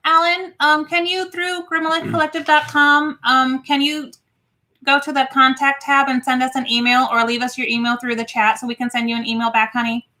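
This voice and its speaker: High bright-voiced woman co-hosting a live stream, chatty, shouting out viewers. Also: flat delivery, a little fast. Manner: greets chat viewers by name, playful, chatty. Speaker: co-host of a live watch party stream. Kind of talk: casual live-stream chat.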